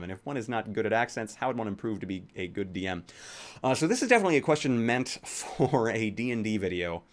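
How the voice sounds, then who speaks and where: A young man casually answering viewer questions in a rambling, offhand way, swearing here and there. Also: lowish voice. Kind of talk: casual Q&A vlog.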